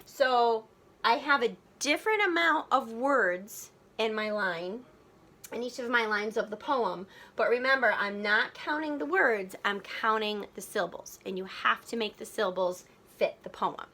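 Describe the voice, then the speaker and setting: A woman's voice: on the high side, animated, measured pace, bright, forceful tone. A woman teacher giving a recorded lesson from a classroom, explaining step by step with patience and frequent ums, captured on a phone. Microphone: phone filming chart paper.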